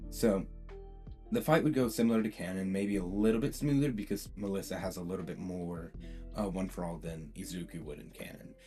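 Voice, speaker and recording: A man's voice: sits low, a little fast, darkish tone. A man hosting a fan-theory video, telling a what-if story in a loose, chatty way full of fillers and restarts. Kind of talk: casual rambling storytelling. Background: faint guitar music.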